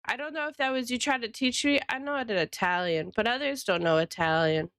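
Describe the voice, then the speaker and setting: A woman's voice: a little high, a little fast, a bit bright, clean tone, no room sound. A woman streamer and illustrator chatting casually with her live viewers, rambling and greeting them by name.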